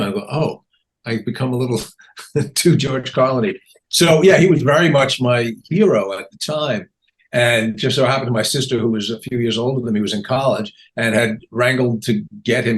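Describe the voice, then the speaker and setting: A man in his sixties, a comedian guest in an interview, telling anecdotes animatedly, acting out quotes and often laughing. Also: mid-range voice. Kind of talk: casual interview storytelling.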